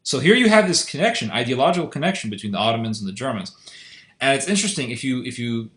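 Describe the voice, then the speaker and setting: Very animated and fast-talking, a man with a mid-range, slightly bright voice rattles through an unscripted commentary in an echoey space. The online video commentator is earnest and insistent, often circling back to repeat or restart phrases.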